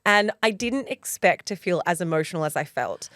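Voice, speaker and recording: A woman's voice: on the low side, lively intonation, fairly quick, a bit bright, no room sound, clean studio sound. A woman in her thirties co-hosting a podcast in casual chat, playful and self-deprecating as she tells stories. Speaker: podcast co-host.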